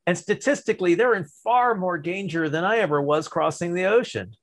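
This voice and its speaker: A man who coaches storytelling and public speaking, answering interview questions in an animated way, shifting his loudness and pausing for emphasis. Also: high voice.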